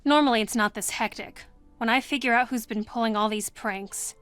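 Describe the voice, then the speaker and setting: A woman's voice: a little high, brisk, fairly bright tone, smooth, soft background music, lightly acted. An actress playing a chatty, bossy teenage girl school monitor who talks in a breezy, gossipy way in a video game. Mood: irritated.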